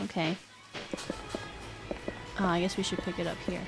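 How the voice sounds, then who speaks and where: A woman's voice: lowish voice, flat delivery, normal speed, creaky. Chatty young woman streaming a game. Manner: chatty, musing aloud, repeats words playfully. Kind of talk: casual live-stream commentary. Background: game music.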